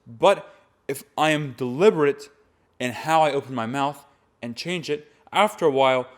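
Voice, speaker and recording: A man teaching voice technique, explaining each step plainly and demonstrating sounds between his explanations. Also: a little high. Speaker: voice and chant teacher. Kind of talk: vocal technique lesson.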